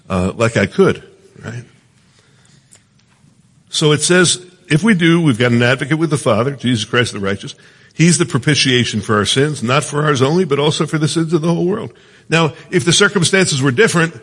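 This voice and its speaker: A man's voice: medium pitch, slightly rough. A middle-aged man teaching from the Bible in an earnest, conversational way, often checking in with his listeners. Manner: earnest, asks the listeners often, many restarts. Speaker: preacher. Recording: long hall reverb.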